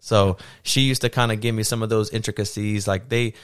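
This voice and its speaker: A low-voiced man tells stories in an easygoing, casual way. His voice is smooth and clear, and the recording is dry and close, with no room sound. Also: brisk, no echo. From South Louisiana. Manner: easygoing storyteller, animated when quoting others. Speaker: guest, TikTok creator. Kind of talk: casual conversation.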